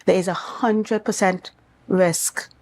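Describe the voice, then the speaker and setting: A woman doctor with a Trinidad and Tobago accent speaks on a morning talk show. She explains in a measured, clinical manner, in a fairly low voice. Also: steady tone, a little mellow. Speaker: doctor guest.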